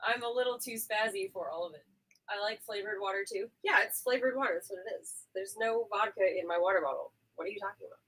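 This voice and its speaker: A woman's voice: medium pitch, fast, fairly bright tone, slightly rough, rough recording. A woman chatting casually, playful and sarcastic, calling herself a little too spazzy. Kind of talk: casual chat.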